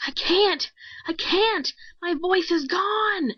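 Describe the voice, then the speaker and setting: A woman reading a story voices a panicking male ventriloquist who shouts shrilly and hysterically. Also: very high-pitched, slow pace, no room sound, voice pushed up. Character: panicking male ventriloquist, middle-aged, frantic. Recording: dry, dull lo-fi sound.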